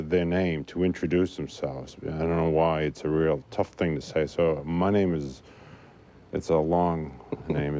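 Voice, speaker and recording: A man answering questions as a guest in a studio interview, talking haltingly with many fillers and a stutter. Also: deep voice, warm tone. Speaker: guest researcher.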